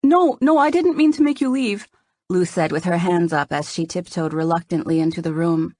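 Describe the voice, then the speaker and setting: A woman's voice: low-pitched, little pitch movement, brisk, a little mellow, no echo. A woman voicing an apologetic, flustered young woman roommate in a romance audiobook. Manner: flustered, eager.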